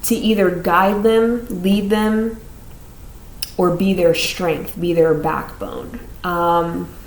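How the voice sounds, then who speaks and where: A woman's voice: lowish voice, steady tone, slow pace, roomy sound, a little hiss or hum, poor audio. A woman giving a casual tarot reading to her viewers, rambling with many fillers and restarts. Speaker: tarot reader.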